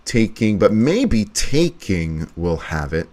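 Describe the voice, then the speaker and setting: Working through a video edit live on stream, this man talks casually and thinks out loud, half muttering to himself. He has a deep, expressive voice and a slightly slow pace.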